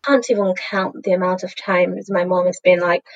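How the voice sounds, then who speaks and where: A woman's voice: on the low side, moderate pace, hardly any pauses, no echo. Chatty woman podcast host, lo-fi sound. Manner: animated, chatty storytelling with many fillers and laughs. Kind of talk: casual chat. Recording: dull, dry lo-fi audio.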